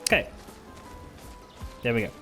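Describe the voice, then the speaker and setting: A man's voice: a little slow, music in the background. A man streaming a video game, making casual wry jokes about what happens on screen. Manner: joking, wry asides. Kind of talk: casual gameplay commentary.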